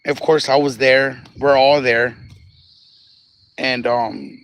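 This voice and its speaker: A man's voice: mid-range voice, fairly even intonation, takes it slowly, a bit bright. A man on a phone livestream outdoors at a cemetery, telling a personal story casually, laughing often, repeating phrases and getting emotional. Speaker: livestream host.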